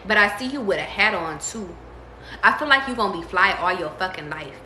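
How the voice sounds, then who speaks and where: A woman giving a casual tarot reading, slangy and profane, breaking into excited squeals. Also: mid-range voice, brisk, reverberant, slight background noise, rough recording. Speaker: tarot reader.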